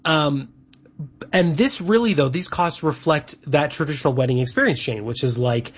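Chatty man with a husky voice. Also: on the high side, moderate pace. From Canada. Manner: chatty, rambling lists with fillers. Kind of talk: casual chat. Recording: dull lo-fi sound.

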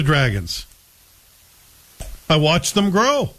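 Man, casual chat host, rambling, opinionated, mid-pitched voice. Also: lively intonation, moderate pace, rough recording.

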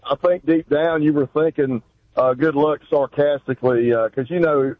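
A man's voice: on the high side, moderate pace, dry recording. Man, phone caller, tinny telephone sound, reassuring, uh-filled speech. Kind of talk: call-in talk.

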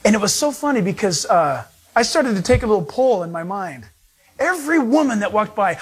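A man preaching a sermon as pastor, telling an anecdote in an animated, storytelling way and acting out the voices of the people in it. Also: sits high, normal speed, husky.

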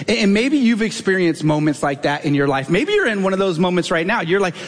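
A man in his twenties or thirties preaching a sermon as pastor, telling a story with lively acted-out quotes. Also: sits high, fast, hardly any pauses. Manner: animated storytelling, acts out quotes in a raised voice. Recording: long reverb of a hall.

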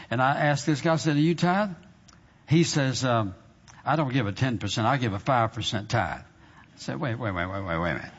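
A man preaching to a congregation. His voice rings through a large hall with a long reverb tail, and the sound is a little dull. He stresses his points hard and slows right down when he reads scripture. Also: medium pitch. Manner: emphatic preaching with slow drawn-out scripture readings and repeated phrases. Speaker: pastor. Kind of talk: sermon. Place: church sanctuary.

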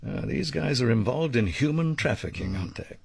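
A man's voice: mid-range voice, expressive, brisk, vocal fry, slightly rough, no room sound, exaggerated voice. An actor playing a commanding male ringleader who lays out a plan in clipped, bossy, formal phrasing. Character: commanding male ringleader planning a sting, dry, precise.

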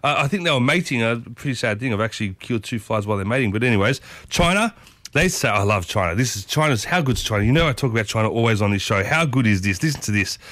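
A man's voice: medium pitch, animated, fast talker, a bit bright, dry recording, studio quality. A man hosting a radio show, chatty and enthusiastic, often calling his listeners folks. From Italian heritage. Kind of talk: casual radio talk segment. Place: radio studio.

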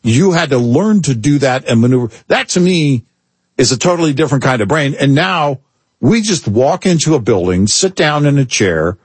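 A middle-aged man co-hosting a talk radio show, telling wry everyday stories in an animated way. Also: medium pitch, normal speed, husky, dry recording. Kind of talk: casual on-air talk.

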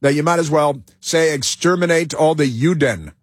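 A man's voice: on the high side, moderate pace, slightly rough, no echo, clean studio sound. A man hosting a political talk radio show, delivering an emphatic, rambling monologue full of fillers and restarts.

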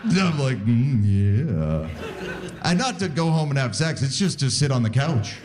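A man in his forties from Canada doing a live stand-up comedy set, self-mocking and acting out quick voices. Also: a little high, huge pitch swings, noisy background. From Saskatoon, Canada. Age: 40s. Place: live comedy venue with audience.

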